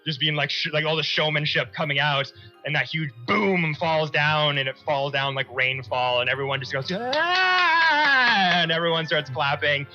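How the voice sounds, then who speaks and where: A man narrating as game master of a tabletop game, loose and excited in his scene descriptions. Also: fairly high pitch, normal speed, muffled recording, soft background music.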